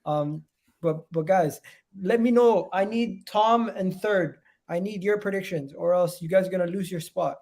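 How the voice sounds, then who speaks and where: A man hosting a casual football chat show, reading out viewers' predictions in an animated way. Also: high-pitched, normal speed. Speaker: podcast host.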